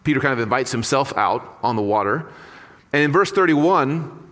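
A man's voice: medium pitch, animated, moderate pace, fairly bright tone, long reverb tail. A man preaching a sermon in an earnest, conversational way with casual asides. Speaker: pastor.

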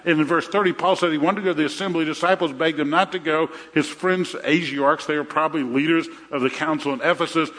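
A man's voice: a little high, a bit bright. A middle-aged man preaching a sermon as a pastor, conversational, often repeating his phrases and telling jokes. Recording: reverberant hall.

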